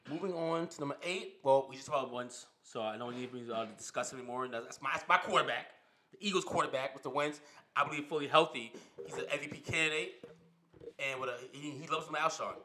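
A man co-hosting a sports podcast, casual and animated, teasing his co-host. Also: medium pitch, brisk, a little hiss or hum.

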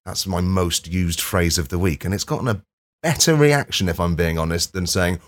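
A man hosting a podcast, delivering a dry, self-mocking comic monologue with sudden loud outbursts. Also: deep voice, lively intonation, moderate pace. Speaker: podcast host. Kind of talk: comedic monologue.

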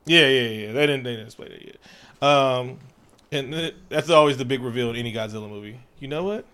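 A man co-hosting a podcast, recapping a movie in loud, profane, joking chat. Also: mid-range voice, fairly quick, clear, resonant tone. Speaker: podcast co-host.

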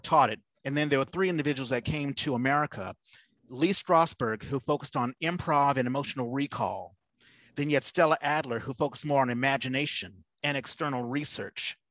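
A man's voice: mid-range voice, fairly bright tone, dry recording. A man hosting a podcast over a video call, talking in a rambling way with many fillers and restarts. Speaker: podcast host. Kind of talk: casual video-call conversation.

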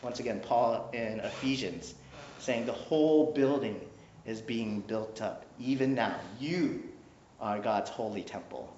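A man's voice: mid-range voice, a little slow, a little hiss or hum. Male pastor, conversational sermon, playful, roomy echo, muffled audio. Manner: conversational, animated, keeps asking "right?"; playful, jokes with the congregation. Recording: echoey room, dull lo-fi sound.

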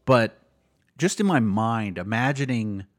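A man's voice: on the low side, expressive, measured pace. Man, podcast co-host, casual chat, rambling, restarts his sentences. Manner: rambling, repeats words while searching for phrasing.

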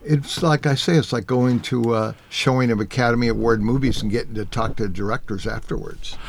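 A man's voice: medium pitch, steady tone, brisk, creaky, slight background noise. A man who works as an auto journalist, telling long, rambling anecdotes in a casual radio talk.

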